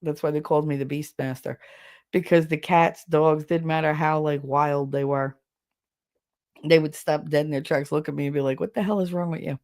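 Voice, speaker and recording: At a moderate pace, a deep-voiced mother hosts a casual livestream podcast, reading the chat and chatting with her viewers. Her storytelling is lively and animated, and she laughs frequently.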